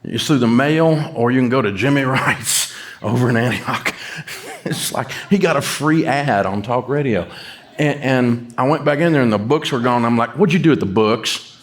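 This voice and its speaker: A man's voice: mid-range voice, moderate pace. A middle-aged man with a Southern US accent, telling a folksy, self-mocking story to an audience. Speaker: speaker addressing an audience. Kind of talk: storytelling talk.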